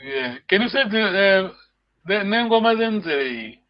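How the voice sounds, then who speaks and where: A man's voice: high voice, big pitch swings, a little slow, lo-fi sound, slight background noise. A man from Congo, teaching a live online language lesson over a video call. He explains patiently and repeats words for his students to echo.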